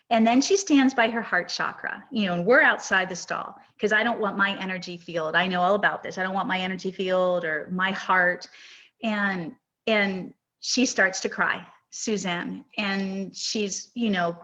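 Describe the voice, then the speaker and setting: A woman's voice: mid-range voice, fairly bright tone, lo-fi sound. A woman hosting a live podcast, telling an emotional story in an earnest, rambling way. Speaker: podcast host.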